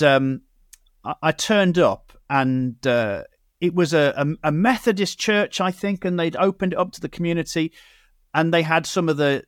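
A male host with a fairly high voice leads a discussion, chatting loosely and restarting his thoughts as he goes. His voice is recorded close and completely dry, with no room echo at all. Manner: conversational, with hesitant restarts and fillers. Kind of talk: hosted discussion show.

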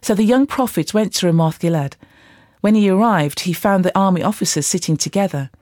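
A Bible reader reading scripture aloud at a steady, even rate. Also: medium pitch, a little fast, no echo, studio quality.

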